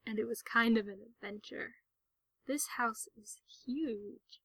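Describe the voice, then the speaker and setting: A woman's voice: a little high, slow pace, a bit bright, breathy edge, no room sound, exaggerated voice. A woman reading a sickly, eager young boy. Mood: hopeful.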